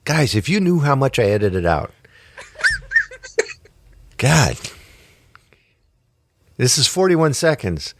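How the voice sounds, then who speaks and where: A man's voice: mid-range voice, big pitch swings, slow, pauses often, noisy background. A man hosting a casual podcast chat, joking and teasing his co-host. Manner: teasing, jokey, prone to laughing fits.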